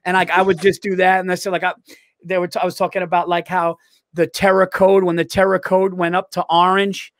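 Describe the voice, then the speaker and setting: High-voiced man telling rambling stories. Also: flat delivery, a little fast, dry recording, studio quality. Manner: rambling storyteller who laughs at his own old jokes. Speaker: stand-up comedian. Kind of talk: casual podcast chat.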